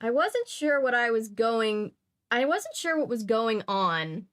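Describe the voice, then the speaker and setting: Chatty, lively-voiced woman streamer. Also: fairly high pitch, unhurried. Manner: chatty, animated, trails off and restarts sentences. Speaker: streamer host. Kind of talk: casual chat while reading comics aloud.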